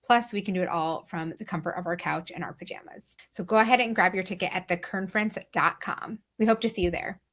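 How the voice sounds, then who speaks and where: A woman's voice: lowish voice, fast talker, hardly any pauses, a bit bright. A woman hosting a podcast, reading an upbeat event promo and then chatting easily with a guest. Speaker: podcast host. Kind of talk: casual podcast hosting and ad read.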